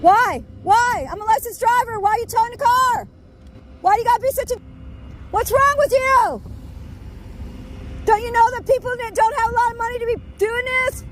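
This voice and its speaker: A woman bystander indignantly yelling at police, repeating herself, in an outdoor phone video. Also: extremely high pitch, moderate pace, pauses often, a little hiss or hum. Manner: indignant, repetitive. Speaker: bystander at a traffic stop. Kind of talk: shouting at police.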